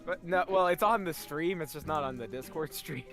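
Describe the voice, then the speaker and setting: A young man co-hosting a livestream, animated and teasing, swearing freely. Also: on the high side, a little fast, soft background music. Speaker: co-host. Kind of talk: casual livestream banter.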